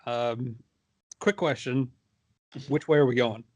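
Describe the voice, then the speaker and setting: A man voicing a sly male dark elf mercenary leader in a tabletop game, in a casual, wry way. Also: mid-range voice, slow, noisy background, natural voice.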